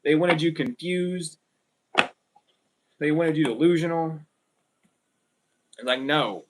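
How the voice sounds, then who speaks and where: A man's voice: fairly high pitch, takes it slowly, long pauses, low-quality recording. Blunt, profane man doing a card reading. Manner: blunt, profane, emphatic, repeats himself. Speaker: tarot reader. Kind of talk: casual spiritual card reading.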